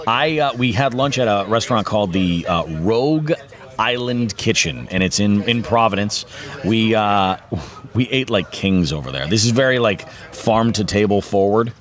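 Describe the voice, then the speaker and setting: A man's voice: fairly low pitch, lively intonation, moderate pace. Rambling man hosting a fishing show. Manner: rambling, with many fillers and restarts. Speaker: fishing podcast host. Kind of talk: casual chat.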